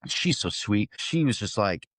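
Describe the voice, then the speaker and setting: A man's voice: on the low side, big pitch swings, a little slow, a bit bright, no echo, clean studio sound. A young adult man, an actor guest, telling a story casually and animatedly, laughing often and restarting sentences.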